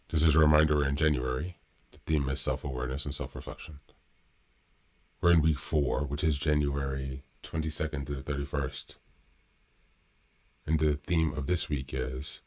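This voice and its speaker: A man hosting a daily recovery podcast, reading a meditation aloud and reflecting on it at a calm, measured pace. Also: a bass voice. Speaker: podcast host.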